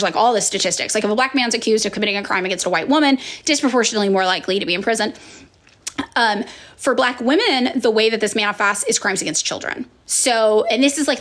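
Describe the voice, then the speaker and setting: A woman's voice: on the high side, a bit bright. A woman in her thirties, a political commentator, talking casually to viewers with frequent fillers and restarts. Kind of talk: casual chat answering viewers.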